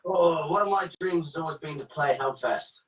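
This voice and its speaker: A man, a band member, chatting quickly and casually on a livestream. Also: a little high, echoey room, far from the mic, lo-fi sound, a little hiss or hum.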